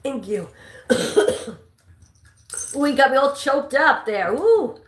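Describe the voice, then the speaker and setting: A woman's voice: sits high, big pitch swings, drawn-out words. A woman hosting a live-stream trivia game, chatting with viewers and reading questions aloud, sometimes stumbling and restarting a line. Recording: echoey room.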